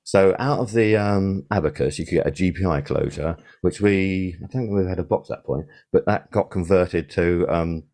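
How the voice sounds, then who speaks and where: Older male guest, deep and mellow voice, chatty storyteller who restarts often. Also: moderate pace, hardly any pauses. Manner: rambling anecdotes with many fillers and restarts. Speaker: podcast guest, sound supervisor. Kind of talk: casual interview.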